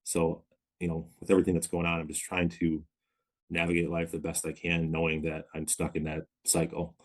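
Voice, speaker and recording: A man in his thirties, a podcast guest, telling his story of recovery in a reflective, measured way with many pauses. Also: deep voice, monotone. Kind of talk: candid interview storytelling.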